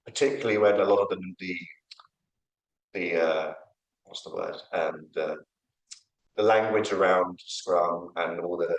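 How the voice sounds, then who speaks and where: A man giving a conference talk, hesitant and full of fillers and restarts. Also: sits low. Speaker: conference speaker. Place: lecture room. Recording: echoey lecture room.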